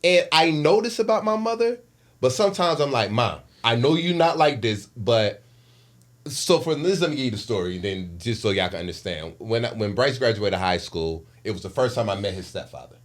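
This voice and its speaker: A man in his forties, a podcast co-host, telling a personal story in casual chat with emotional, animated delivery. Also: lowish voice, fairly quick. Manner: animated, emotional retelling with lively shifts in loudness.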